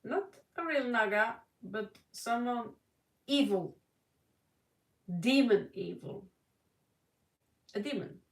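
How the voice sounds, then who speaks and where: A woman's voice: on the high side, lively intonation, slow pace, long pauses. A woman from Norway giving a live tarot reading, chatty and laughing often, calling viewers by name. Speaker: tarot reader. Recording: roomy echo, distant mic.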